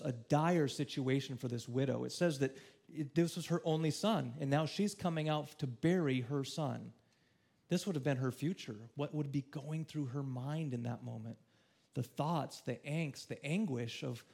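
Gravelly-voiced man preaching conversationally. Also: mid-range voice. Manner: conversational preaching, swings between hushed and emphatic. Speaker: pastor. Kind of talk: sermon.

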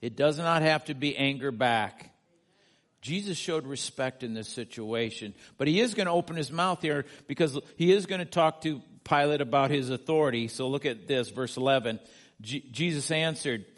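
A man preaching a sermon, with a voice that sits a little higher than most men's. He speaks earnestly, climbs to emphatic peaks and turns questions back to the congregation. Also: fairly bright tone. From United States. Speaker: pastor.

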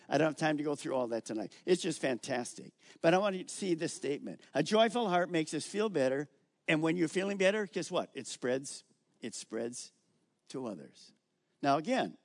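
High-voiced older man preaching. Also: no room sound, studio quality. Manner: animated preaching, coaxing the audience. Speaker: pastor. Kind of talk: sermon.

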